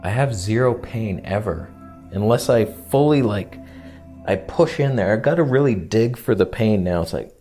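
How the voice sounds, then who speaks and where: Candid joking man with a low, dark voice. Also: lively intonation, moderate pace, soft background music. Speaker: vlogger. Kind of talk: casual vlog monologue.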